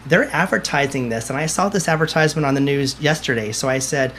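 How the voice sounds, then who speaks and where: A man's voice: a little high, fairly even intonation, quick pace, a bit bright, slight background noise. A man, a medium guest on a podcast, answering in a confident, emphatic storytelling way and often repeating phrases for emphasis. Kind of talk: conversational interview answers.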